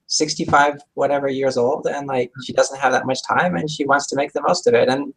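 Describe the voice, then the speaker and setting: Husky woman rambling in casual chat. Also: rumbling low, expressive, brisk, rough recording. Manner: rambling, hesitant, full of fillers. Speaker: co-host.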